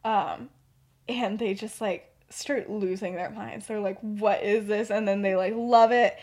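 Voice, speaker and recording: A young adult woman hosting a podcast, telling a fan-fiction story in a casual, rambling way, often giggling and filling pauses with "like" and "um". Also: medium pitch, fairly even intonation, darkish tone. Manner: giggly, rambling, filler-heavy. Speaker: podcast host.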